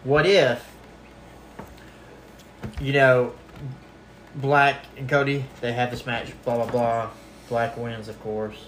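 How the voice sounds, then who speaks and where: A man co-hosting a casual podcast, laid-back as he pitches ideas and chimes in with short agreement. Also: level tone, slow pace, pauses often, a bit bright, roomy sound, slight background noise. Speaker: podcast co-host.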